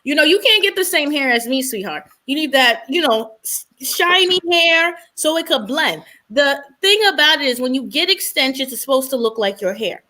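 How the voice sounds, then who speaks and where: A woman's voice: high voice, animated, moderate pace, hardly any pauses, bright, forceful tone. A woman chatting casually as a co-host, sassy and opinionated as she reacts to a reality show. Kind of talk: casual chat.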